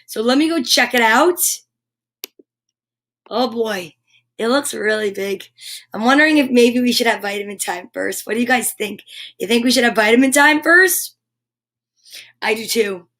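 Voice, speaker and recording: A woman hosting a live storytime stream, chatting in a bubbly, animated way straight to her viewers. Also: a little high, normal speed, long pauses. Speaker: host of a live storytime show.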